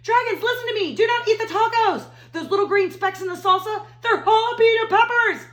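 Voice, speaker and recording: A woman's voice: extremely high pitch, fairly quick, voice pushed up. A woman voicing a little boy in a picture book, urgently warning and pleading with dragons. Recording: roomy echo.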